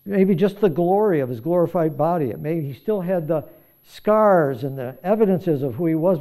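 A man's voice: a little high, warm tone. A man preaching a sermon, explaining a scripture passage in a conversational, reflective way and thinking aloud as he goes. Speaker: pastor.

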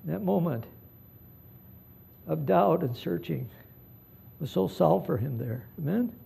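A pastor preaching a live sermon in a mellow, husky voice with a gravelly edge, pitched a little high for a man. He pleads earnestly and moves between hushed passages and emphatic ones. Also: expressive, slow.

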